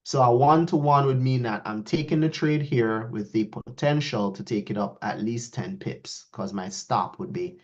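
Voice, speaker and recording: A man's voice: mid-range voice, moderate pace, hardly any pauses. A man teaching a live trading lesson, talking straight to his students and acting out their questions in a raised voice. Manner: lively, talks to students, quotes askers in a raised voice. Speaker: trading instructor. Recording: dull lo-fi audio.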